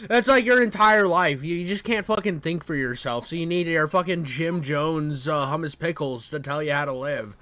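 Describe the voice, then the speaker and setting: A man's voice: a little high, normal speed, hardly any pauses, pushed and bright. A man reacting to videos with profane, mocking rants as a streamer. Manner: ranting, crude, mocking.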